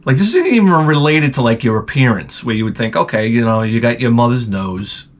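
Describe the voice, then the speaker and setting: A man hosting his own channel, telling crude, rambling comic stories and breaking into sudden high-pitched outbursts. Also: animated, a little fast. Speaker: channel host.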